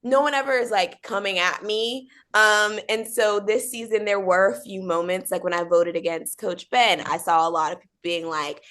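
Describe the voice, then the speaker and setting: A woman's voice: mid-range voice, fairly quick, hardly any pauses, fairly bright tone. A young woman answering interview questions in a bubbly, chatty way, with many fillers and acted-out quotes. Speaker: actor being interviewed.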